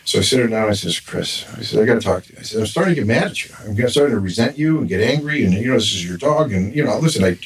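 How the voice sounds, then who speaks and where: An older man, a grandfather, is a podcast guest telling a long, exasperated story in casual chat. His fairly low voice races with lively intonation and hardly any pauses, picked up by a somewhat distant mic with faint noise.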